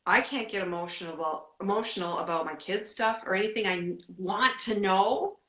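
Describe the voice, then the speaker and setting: A woman's voice: mid-range voice, moderate pace, pushed and bright, roomy sound. A middle-aged woman who works as an intuitive reader, talking casually and emphatically in a podcast chat. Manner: chatty, emphatic, quotes her own inner questions.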